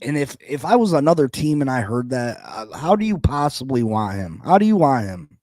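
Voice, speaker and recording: Male sports podcast host, mellow dark voice, dry close sound, heated and incredulous, repeats himself for emphasis. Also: medium pitch, sing-song, brisk, dry recording.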